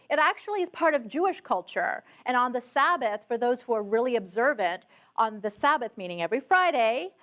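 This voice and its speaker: A middle-aged woman giving a conference keynote talk, telling stories with animated asides to the audience. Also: a little high. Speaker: keynote speaker. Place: conference hall stage.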